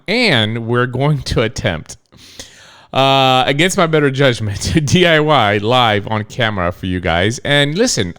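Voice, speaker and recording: A man's voice: medium pitch, a bit bright, clean tone. Playful man hosting a talk show. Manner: playful, laughs often. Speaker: host. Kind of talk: casual show chat.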